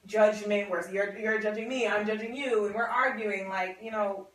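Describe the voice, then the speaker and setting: A woman's voice: mid-range voice, fairly even intonation, normal speed. Woman moderating a panel, echoey room. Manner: conversational, poses open questions to the group. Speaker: discussion moderator. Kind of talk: casual panel discussion. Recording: echoey room, mic far off.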